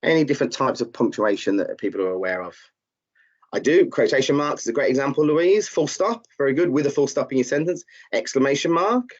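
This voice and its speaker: A man's voice: mid-range voice, expressive, fairly quick. A man teaching a live online lesson, encouraging learners and reading out their chat answers, with many fillers. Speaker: tutor. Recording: slightly dull, muffled audio.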